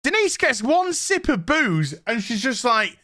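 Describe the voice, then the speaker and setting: A man's voice: extremely high pitch, big pitch swings, unhurried, bright, forceful tone. An older man giving comedic, irreverent commentary on a reality show, mocking it and laughing often. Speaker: YouTube commentator.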